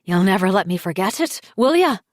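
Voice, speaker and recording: A woman voicing a defensive, dismissive husband who brushes off his wife's accusations, speaking louder and brighter than her narration. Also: mid-range voice, sing-song, a little fast, dry recording, studio quality, lightly acted. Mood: exasperated.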